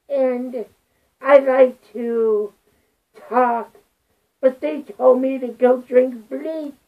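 A man putting on the voice of a whiny, self-pitying woman who is calling the police, in a mocking, drawn-out pleading tone. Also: extremely high pitch, voice pushed up, heavily acted. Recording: tinny phone-like lo-fi audio.

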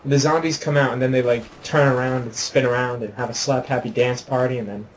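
A man's voice: medium pitch, steady tone, a little fast, a little hiss or hum, low-quality recording. An American man chatting casually and loosely while playing a game. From United States. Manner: easygoing, rambling explanations. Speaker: gaming co-commentator. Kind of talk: casual gameplay chat.

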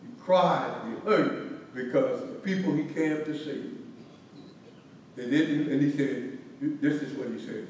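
A man's voice: fairly high pitch, slow, pauses often, darkish tone, slight background noise. Pastor, male, preacherly repeating cadence; long hall reverb, distant mic. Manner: preacherly, repetitive cadence, rising and falling. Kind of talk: Bible study teaching. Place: church hall. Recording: echoey hall, from far off.

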